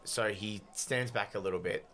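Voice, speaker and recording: A man's voice: on the low side, moderate pace, pushed and bright, slight background noise. A man narrating a tabletop game as game master, slipping into character voices.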